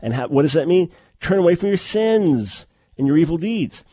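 A man's voice: fairly high pitch, expressive, normal speed, mellow, no echo. A middle-aged man preaching a sermon, emphatic and full of rhetorical questions, often restarting his words. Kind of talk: sermon-style teaching.

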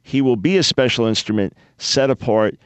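Man, radio call-in host, mid pitch, dry studio sound, earnest probing. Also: moderate pace, smooth, dry recording. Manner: earnest, probing questions with frequent restarts.

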